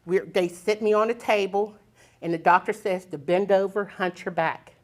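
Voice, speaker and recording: An older woman spins a personal story for a live audience. Her telling is plain-spoken and lively, with a chuckle running under it. Her voice sits in an ordinary middle range. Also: mid-range voice, moderate pace. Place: community center stage.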